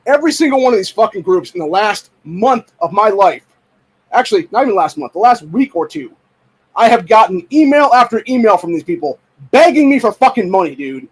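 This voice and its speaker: A young man from Ohio hosting a show, ranting angrily and profanely, often shouting. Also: sits high, sing-song, fairly quick, husky, poor audio. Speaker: podcast host. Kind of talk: angry political rant.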